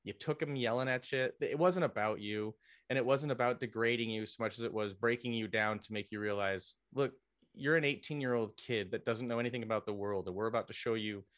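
With a lowish, fairly bright voice and a slightly fast delivery, a military veteran guests on a podcast interview. His long story comes out casual and rambling, packed with restarts, self-corrections and self-mocking humor.

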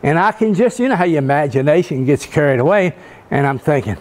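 A man's voice: on the high side, expressive, fairly quick. A man, telling self-mocking stories in a leadership talk and often checking in with his listeners. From Richmond, Virginia, US. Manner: folksy, self-mocking humor, keeps checking in with "okay?". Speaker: guest speaker, former football coach.

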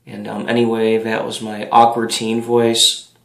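A man's voice: on the low side, completely flat delivery, unhurried, creaky, fairly bright tone, reverberant. A man casually introducing a comedy voice, hesitant with many ums. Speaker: comedy voice video maker. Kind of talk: casual presentation.

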